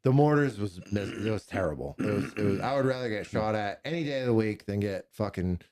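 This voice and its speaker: A man with a fairly low voice telling war stories on a podcast. His talk is casual, loose and full of profanity. He rambles and often acts out what other people said. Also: expressive, a little fast, a little mellow. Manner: veteran recounting combat. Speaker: podcast host, gun shop owner. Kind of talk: casual war story chat.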